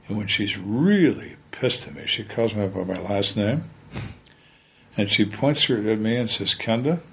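Interviewed about his years as a homicide lieutenant, a retired older man tells his career stories candidly, bluntly and with wry humor. He speaks plainly in a fairly low, slightly rough voice.

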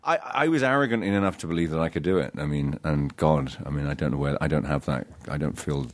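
A middle-aged man, an actor telling stories in an interview, halting and self-deprecating with many restarts. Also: very deep voice. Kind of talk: casual interview storytelling.

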